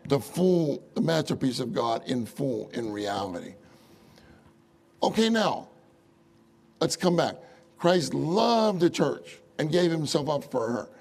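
A man preaching a sermon in an animated way, often asking the audience rhetorical questions and chuckling through his stories. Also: a little high, vocal fry, slightly rough. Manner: chuckles often while telling anecdotes.

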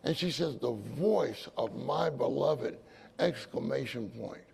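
Very gravelly, husky male preacher. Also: mid-range voice, lively intonation, takes it slowly, darkish tone. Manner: emphatic, repeats phrases. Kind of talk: sermon.

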